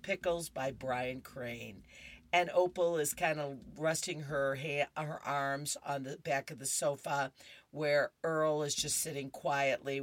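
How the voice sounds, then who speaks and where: A woman's voice: low-pitched, no echo. A woman reading comic strips aloud on a radio reading service, chatting with listeners between panels. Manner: chatty, warm asides to listeners. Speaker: radio reader.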